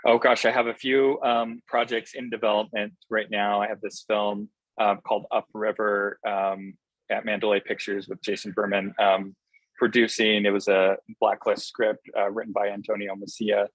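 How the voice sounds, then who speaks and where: Man, film director guest, husky voice, dry close sound, earnest and halting. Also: fairly low pitch, little pitch movement, no echo, low-quality recording. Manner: earnest, enthusiastic, halting with many fillers. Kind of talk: casual interview answers.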